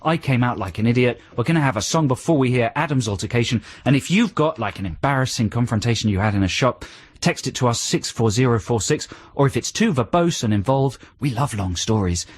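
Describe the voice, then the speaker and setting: A male radio co-host who speaks into a studio mic, bantering with his partner in a dry, teasing way. His voice sits at a middling pitch and carries a slight husky grain. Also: lively intonation, fairly quick. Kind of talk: casual on-air banter. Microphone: studio microphone.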